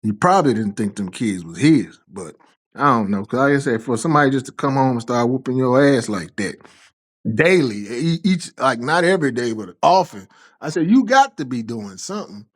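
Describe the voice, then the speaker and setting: A man's voice: mid-range voice, moderate pace. A young man telling casual, slang-heavy stories with a lot of swearing. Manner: animated, swears freely, slangy. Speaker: storyteller. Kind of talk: casual anecdotal storytelling.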